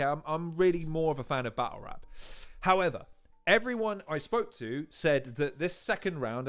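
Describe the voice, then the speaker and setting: Man chatting through a watch-along. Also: on the high side. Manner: chatty, swears, hesitant restarts. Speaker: host reacting to a video. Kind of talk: casual watch-along commentary.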